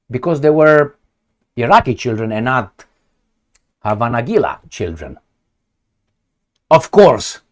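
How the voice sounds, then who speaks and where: Animated, sarcastic ranting man. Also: mid-range voice, measured pace, long pauses. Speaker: political commentator. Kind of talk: ranting political commentary.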